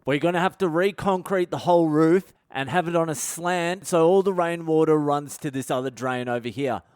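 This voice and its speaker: Brash Australian comic host, sweary and animated, slightly high voice. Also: male voice, normal speed, clean tone, no room sound, studio quality. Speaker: podcast host, comedian. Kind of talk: profane comedic storytelling monologue.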